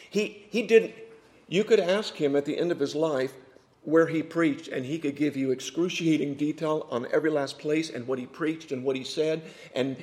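Preacher, male, slightly high voice, dramatic storyteller who drops to a hush and then hits points hard. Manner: dramatic, swings from hushed to loud emphatic. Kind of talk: sermon storytelling.

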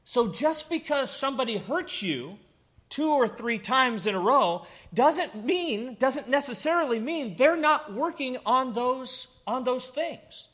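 A man's voice: extremely high pitch, animated, measured pace, fairly bright tone. A middle-aged man preaching a sermon in an earnest, conversational way, with personal stories. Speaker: pastor.

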